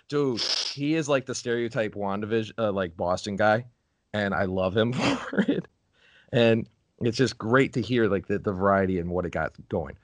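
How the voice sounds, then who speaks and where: A man's voice: on the low side, moderate pace, no room sound. A man co-hosting a podcast in casual chat, rambling, laughing often and wandering off on tangents. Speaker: podcast co-host.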